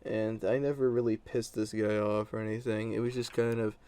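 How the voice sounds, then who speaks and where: A man's voice: lowish voice, level tone, fairly quick, mellow, clean tone. A young adult man telling a story from his school days in a casual, blunt monologue, with many fillers and crude words.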